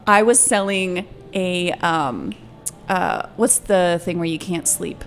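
A woman's voice: fairly low pitch, takes it slowly, soft background music. A young woman comedian, a guest chatting casually in an interview, laughing a lot and filling with "like" and "um". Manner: chatty, laughing, lots of fillers.

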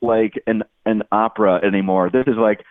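Laughing guest on a tinny line. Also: male voice, on the low side, fairly even intonation, moderate pace, no room sound. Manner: laughing, rambling. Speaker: podcast guest. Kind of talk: casual chat. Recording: dry tinny phone-like line.

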